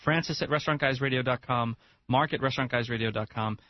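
A man with a New Jersey accent co-hosting a radio show, talking quickly and enthusiastically with strong opinions. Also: mid-range voice, no echo. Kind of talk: casual radio chat. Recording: dull lo-fi radio broadcast.

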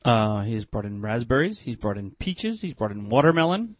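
A man's voice: medium pitch, big pitch swings, moderate pace, no room sound, dull audio. A man co-hosting a radio food show, joking and teasing his partner while he talks about fresh produce. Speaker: radio show co-host, chef. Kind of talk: casual radio banter. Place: radio studio.

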